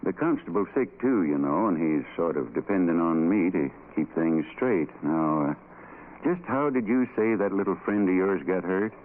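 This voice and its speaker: An actor playing a suspicious older country doctor in a 1940s radio drama, with a slow, probing manner. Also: male voice, low voice, animated. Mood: doubting. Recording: tinny lo-fi old radio recording with hiss.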